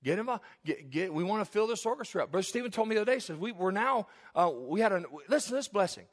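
A high-pitched man preaches to his congregation in a church, teasing people by name and laughing along with them. He often falls to a hushed, earnest delivery when he turns to the spiritual point. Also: lively intonation, fast. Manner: joking, calls on congregation by name; drops to soft earnest tone. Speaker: pastor. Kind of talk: sermon. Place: church sanctuary.

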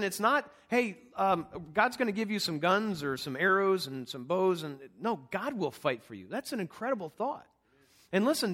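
A middle-aged man preaching a sermon in a conversational, animated way, acting out voices from the Bible story. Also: high-pitched. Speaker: pastor.

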